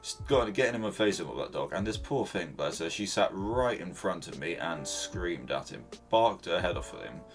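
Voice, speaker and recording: A man's voice: low-pitched, expressive, normal speed, hardly any pauses, soft background music. A man, hosting a podcast and telling a rambling, sweary story on his own, with many restarts. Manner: rambling, sweary, self-interrupting. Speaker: podcast host. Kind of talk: casual storytelling monologue. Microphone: solo recording at home to camera.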